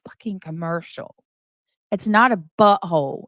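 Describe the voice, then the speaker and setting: A woman's voice: mid-range voice, expressive, a little slow, a bit bright, no room sound. Exasperated woman host, dry close sound. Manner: exasperated, defensive, repeats herself with restarts. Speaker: live stream host. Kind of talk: casual live stream chat.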